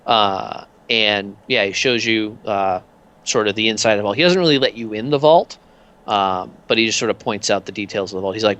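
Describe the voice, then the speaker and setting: A man's voice: lowish voice, fairly quick, fairly bright tone. A man narrating as game master in a tabletop game, in a loose, filler-heavy way.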